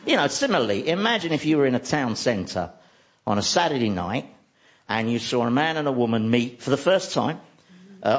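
A man's voice: medium pitch, a bit bright, dull audio, a little hiss or hum. A man giving a dry, self-mocking comic monologue. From central London. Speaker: comedian.

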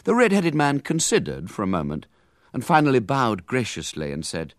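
A man reading a children's story aloud with lively, animated narration. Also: fairly low pitch, moderate pace, no room sound, clean studio sound.

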